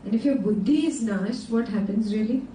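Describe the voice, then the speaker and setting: A woman teaching a scripture class in a lively, questioning way, with a slightly high but mellow voice. She sounds some distance from the mic in an echoey room, with faint noise behind her. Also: moderate pace. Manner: animated, asks the class frequent check-in questions. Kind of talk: teaching a class on a sacred text. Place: indoor class room with students.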